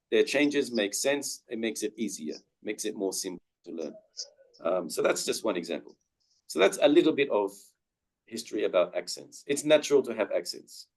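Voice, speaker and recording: An Australian man giving a webinar talk on accents, thoughtful, with many pauses and restarts, heard over a video call. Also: mid-range voice, rough recording. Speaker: webinar guest speaker. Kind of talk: informal talk with audience questions.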